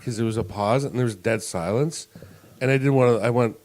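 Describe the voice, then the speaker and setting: A man's voice: mid-range voice, brisk, slight background noise. Laughing storyteller man, casual podcast. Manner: animated, laughs while telling stories. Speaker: podcast co-host.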